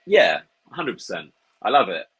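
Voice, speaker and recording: A man's voice: on the low side, very animated, measured pace, a bit bright, husky, rough recording. A man with a Norfolk English accent, a wrestler guest chatting laid-back in an interview and swearing casually. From England.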